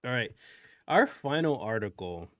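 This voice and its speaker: A man's voice: medium pitch, big pitch swings, unhurried, no room sound, studio quality. A man hosting a casual gaming news podcast, rambling and restarting as he talks things through. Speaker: podcast host.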